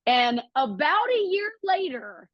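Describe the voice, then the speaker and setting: Woman, middle-aged, podcast guest, storytelling, acts out quotes, fairly high voice, dry dull audio. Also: takes it slowly, dry recording. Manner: animated, acts out quotes with lively pitch jumps.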